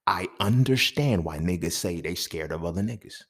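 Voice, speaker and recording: A man hosting a podcast, telling a story in an animated, profane way that swings between loud outbursts and muttered asides. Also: deep voice, normal speed. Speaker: podcast host. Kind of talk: storytelling monologue.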